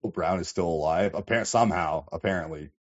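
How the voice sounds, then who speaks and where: A man's voice: low-pitched, fairly quick, highs cut off. A man hosting a casual livestream, reading chat and rambling with lots of swearing and fillers. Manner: rambling, profane, many fillers.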